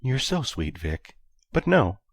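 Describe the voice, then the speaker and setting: A man voicing a principled female ship computer who speaks calmly and quietly. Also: mid-range voice, slow, vocal fry, no echo, clean studio sound, pitched above the performer's own voice, heavily acted. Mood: prim.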